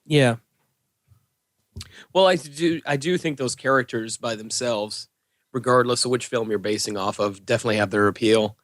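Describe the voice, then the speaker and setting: Podcast guy, jokey, keeps throwing out ideas, normal pitch, dry room-free sound. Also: normal speed, no room sound. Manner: joking, pitches ideas with questions. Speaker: podcast co-host. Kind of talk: casual chat.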